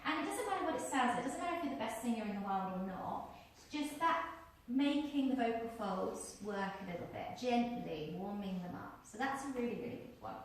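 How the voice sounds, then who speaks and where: A woman's voice: on the high side, expressive, a little fast, few pauses, a little hiss or hum. A woman teaching a workshop on using the voice, chatty and encouraging as she demonstrates exercises aloud to a group. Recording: very echoey room, voice from far off.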